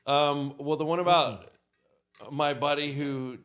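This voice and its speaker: A man telling an anecdote as a podcast guest, animated and acting out the people in his story. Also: fairly high pitch, slow, clean tone.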